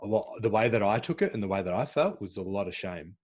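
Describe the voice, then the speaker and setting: A man hosting a podcast, talking in a halting, casual way with many fillers and restarts. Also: on the low side, animated, darkish tone. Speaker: podcast host.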